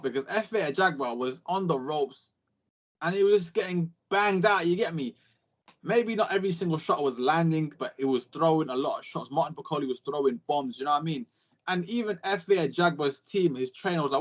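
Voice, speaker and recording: A young man, talking boxing in a casual podcast chat, animated and full of swearing. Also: a little high, brisk, dull audio. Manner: animated, sweary, repeats catchphrases. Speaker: podcast co-host.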